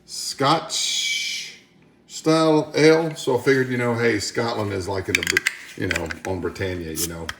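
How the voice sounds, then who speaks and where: A man's voice: lowish voice, steady tone, a little slow, gravelly, fairly bright tone, slight background noise. Male home cook, easygoing rambling demo patter with dry jokes, echoey kitchen with faint clatter behind. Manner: rambling, folksy, joking asides. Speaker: home cook hosting a cooking channel. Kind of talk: casual cooking demonstration.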